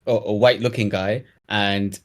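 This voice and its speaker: A young man in casual chat, telling a story from school with animated swings into loud emphasis. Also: on the low side, measured pace. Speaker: guest storyteller.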